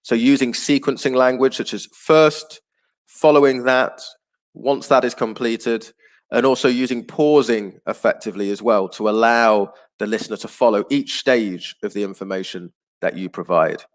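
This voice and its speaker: A man teaching an online class, explaining patiently and clearly, with frequent ums and uhs. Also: medium pitch, moderate pace.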